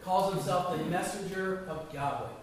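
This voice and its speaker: A man's voice: sits high, moderate pace, distant mic, slight background noise. A man leading a small Bible study class, asking the group questions as he teaches. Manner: conversational, asks the group questions. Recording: echoey room picked up from afar.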